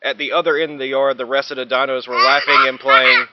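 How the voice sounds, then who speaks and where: A man's voice: medium pitch, flat delivery, fast, heavy background noise. A man reading a children's storybook aloud for a class, telling it with expression and small stumbles, in a dull lo-fi recording. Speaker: student reader.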